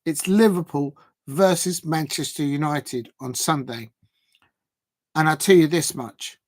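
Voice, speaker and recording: A man's voice: fairly high pitch, a little slow. Male, 40s; casual football stream host, loose and rambling, lots of ums. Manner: rambling, chatty, thinks aloud with many fillers. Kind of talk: casual live chat reacting to viewers.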